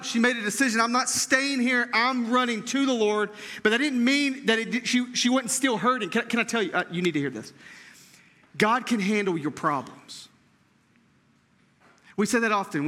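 Bright-voiced pastor preaching in a hall. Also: male voice, high-pitched. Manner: earnest, repeats himself with restarts and rhetorical questions. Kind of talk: sermon.

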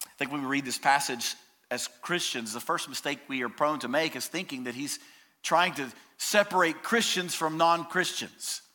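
A man preaching a sermon as a pastor, emphatic, swinging from loud declarations down to hushed, drawn-out words. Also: fairly high pitch.

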